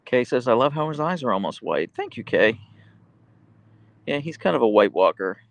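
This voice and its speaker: A man hosting a casual livestream, reading viewer comments aloud and chatting about his dogs, slipping into a high cooing voice for his pet. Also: sing-song, normal speed, vocal fry, no echo. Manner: goes high and cooing when talking to his dog. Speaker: livestream host.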